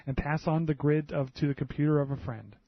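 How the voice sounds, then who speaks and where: A man's voice: a little high, a little fast, gravelly. A man with a slightly raised voice co-hosts a radio talk show. He reads news stories and drops wry, offhand comments. The recording sounds dull and lo-fi. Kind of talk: casual radio banter, reading news.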